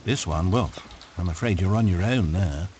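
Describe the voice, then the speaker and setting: A man's voice: low-pitched, normal speed, crowd noise, natural voice. A man playing a game's sardonic male narrator, who reproaches the player directly with dry, needling asides. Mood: sarcastic. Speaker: game narrator. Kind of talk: scripted game narration.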